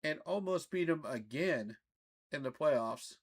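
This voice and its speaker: A fan channel host with a slightly high, expressive voice rants casually about rankings at a measured pace. His reaction commentary sounds incredulous and is sprinkled with laughing asides.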